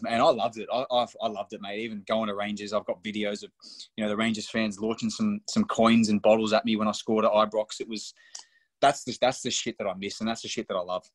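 A man's voice: lowish voice, little pitch movement, a little fast, no room sound. A young man from Australia, a guest on a podcast, telling stories in loose, blunt, swearing chat. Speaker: podcast guest, professional footballer. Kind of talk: casual storytelling chat.

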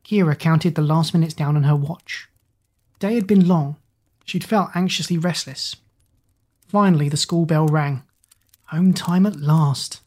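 A woman narrating a storybook in an even, measured reading voice. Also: low-pitched.

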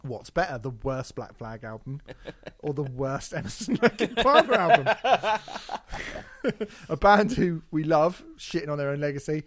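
A man's voice: fairly high pitch, a little slow. A man co-hosting a casual podcast, swearing freely and mocking himself with frequent laughter. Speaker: podcast co-host.

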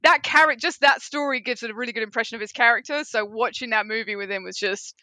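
Bright-voiced woman telling animated stories. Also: fairly high pitch, fast talker, dry recording. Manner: animated storyteller, laughs often, mimics relatives. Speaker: podcast panelist. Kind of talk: casual chat.

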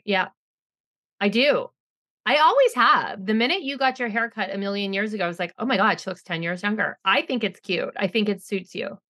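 Bright, emphatic woman podcast host. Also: medium pitch, lively intonation, fairly quick. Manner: emphatic and reactive, blunt humor. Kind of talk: casual chat and show reading.

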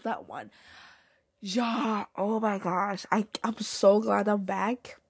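A young woman hosts her podcast in a loose, slangy chat, her voice breathy and a little husky. She talks animatedly and swings her pitch high and low as she goes. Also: fairly even intonation, slow. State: recovering from a cold. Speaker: podcast host.

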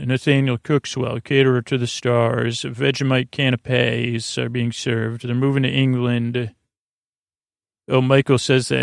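A man hosting a sleep podcast, recapping a TV episode in a rambling, hesitant way with many filler pauses. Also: medium pitch, vocal fry, no room sound, clean studio sound. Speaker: podcast host.

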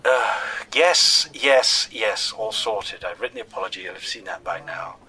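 A man doing a vain actor whose voice swoops up and down with theatrical flourish, bright and pointed in tone. he brushes off every complaint with lofty disdain and slips into breathy asides, a comedy sketch ham. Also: fairly low pitch, animated, normal speed, rough recording. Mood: pompous. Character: pompous, self-satisfied male actor.

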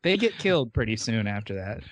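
A man's voice: lowish voice, sing-song, a little fast. Man explaining a movie plot casually. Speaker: podcast co-host.

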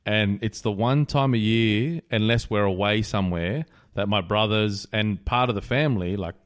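Chatty Australian man, lowish voice. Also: normal speed. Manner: chatty, jokey, laughs often. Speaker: podcast co-host. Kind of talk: casual chat.

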